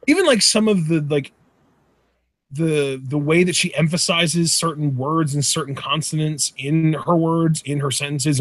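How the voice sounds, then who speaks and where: A young man with a high voice that swoops widely in pitch rambles enthusiastically about wrestlers. He often stumbles and restarts, and laughs easily. The recording is dry and close. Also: a bit bright, no echo. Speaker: podcast co-host. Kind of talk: casual wrestling review chat.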